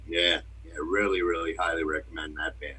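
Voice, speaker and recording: A man's voice: low voice, flat delivery, a little fast, sharp tone, husky, low-quality recording. A man co-hosting a podcast, chatting casually and telling laid-back stories. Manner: laid-back storyteller, playful impressions. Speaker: podcast co-host. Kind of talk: casual chat.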